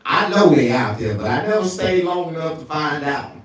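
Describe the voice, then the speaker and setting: A male stand-up comedian telling crude stories, often jumping into falsetto. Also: animated, normal speed, heavy reverb, recorded from a distance. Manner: crude, storytelling, swings into falsetto.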